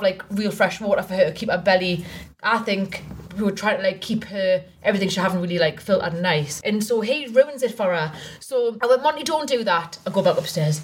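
A woman comedian in casual comedic chat, laughing often as she tells animated stories. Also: medium pitch. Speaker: comedian podcast co-host.

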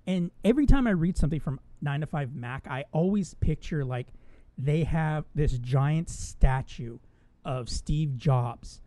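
A man's voice: fairly high pitch, expressive, a little slow, dark tone, no echo. A man co-hosting a casual podcast, ranting with a lot of swearing and frequent laughs. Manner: profane, ranting, laughs often. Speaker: podcast co-host. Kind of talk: casual chat.

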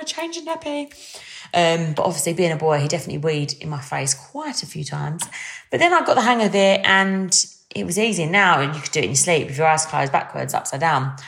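A young woman talks to her listeners in a relaxed, gushing way, peppering her sentences with fillers. Her voice sits slightly low for a woman. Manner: chatty and bubbly, lots of fillers. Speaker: podcast host. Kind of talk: casual solo podcast chat.

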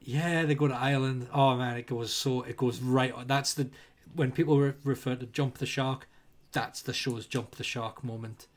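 Scottish male co-host, relaxed and conversational, a bit sweary. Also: mid-range voice, moderate pace. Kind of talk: casual chat.

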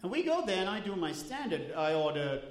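A man's voice: high voice, sing-song, fairly quick. A man who is a guest comedian on a live podcast, telling stories and teasing others in a playful, mock-defensive way. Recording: echoey live venue with audience.

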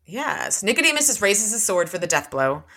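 A woman co-hosts a book podcast, recapping the plot and reading dialogue aloud with light shifts between characters. Her medium-pitched voice is sing-song, bright, and forceful, at a normal speed.

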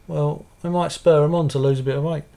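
A man with a slightly higher-pitched voice trades dry, teasing quips in a casual podcast chat. He mostly answers in short lines, then adds a deadpan joke. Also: brisk, vocal fry, a little hiss or hum. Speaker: podcast co-host.

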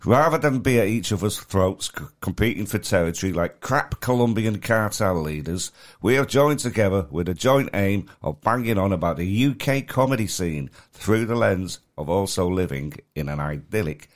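A man's voice: low-pitched, animated, normal speed, few pauses. A man from Manchester with a Manchester accent, co-hosting a podcast in casual chat, sounding tired and talking in a rambling, hesitant way. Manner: rambling, hesitant, restarts often. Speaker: podcast co-host, comedy promoter.

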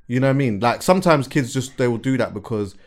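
A man's voice: mid-range voice, fast. A man holds the floor on a casual podcast, talking in an ordinary mid register. He tells stories in long, looping sentences and restarts them often. His energy keeps building while his friends cut in. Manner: animated storyteller, repeats words while thinking, laughs as he tells stories. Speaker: podcast host.

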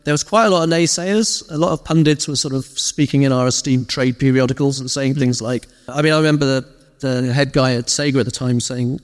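A man as an interview guest, casually telling animated stories and acting out quoted lines. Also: medium pitch, brisk, long reverb tail. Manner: lively storyteller, animated quoted asides. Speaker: interview guest, former games PR director. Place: live event stage.

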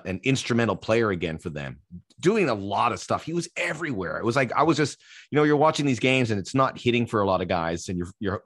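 Low-voiced man hosting a soccer podcast. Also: no echo, studio quality. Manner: talkative, laughs often, quick asides. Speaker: podcast host. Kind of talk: casual soccer podcast chat.

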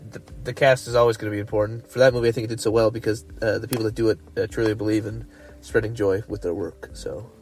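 A man from Canada co-hosting a podcast, retelling things in an animated way and laughing often. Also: lowish voice, quick pace, hardly any pauses. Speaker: podcast co-host. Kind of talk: casual chat.

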